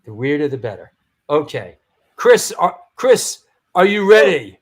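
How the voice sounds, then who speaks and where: A man's voice: fairly high pitch, very animated, measured pace. A man hosting a live show, reading sponsor spots and event announcements in a rambling, jokey way that often stumbles over words. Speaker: host.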